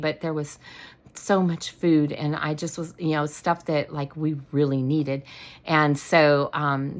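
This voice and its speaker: An older woman chatting through a faith story in a rambling way, full of restarts and "you know," and lively when amazed. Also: sits low. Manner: excitable, animated when amazed. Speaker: faith talk show host. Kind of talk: casual faith testimony storytelling.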